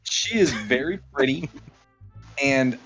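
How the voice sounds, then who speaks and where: Lively-voiced man recapping a plot. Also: medium pitch, slow, faint music behind. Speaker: podcast co-host. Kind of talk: casual movie recap chat.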